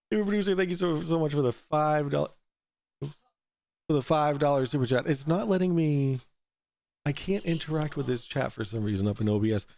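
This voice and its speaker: A man's voice: fairly high pitch, brisk, vocal fry, darkish tone, no room sound. A man hosting a casual livestream, reading out super chats in a loose, rambling way, swearing freely and laughing often. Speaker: livestream talk show host.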